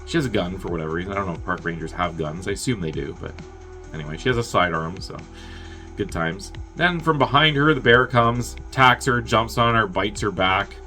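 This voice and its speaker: A man with a lowish, bright and forceful voice walks through a film's plot in a loose, rambling way. He swears freely and breaks into chuckling asides. Faint music sits behind him. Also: expressive, fairly quick. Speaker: movie reviewer. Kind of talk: casual plot recap.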